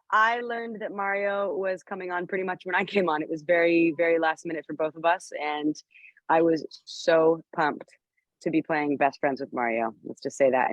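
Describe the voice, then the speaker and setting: A woman's voice: low voice, no room sound. Bubbly woman laughing on a dull video call. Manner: bubbly, laughs often, filler-heavy. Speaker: actress guest. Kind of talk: casual interview over video call.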